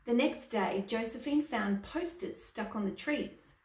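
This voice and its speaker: Woman storyteller for kids, asks listeners questions, slow and unhurried, echoey room. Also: on the high side, expressive, a little mellow. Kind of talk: reading a picture book aloud to children. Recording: echoey room, distant mic.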